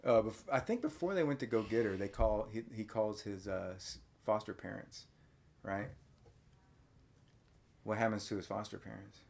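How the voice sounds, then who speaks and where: Male podcast host, lively recap, pops into character voices. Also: fairly low pitch, vocal fry. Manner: animated retelling, acts out lines in quick voices. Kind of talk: casual movie recap chat.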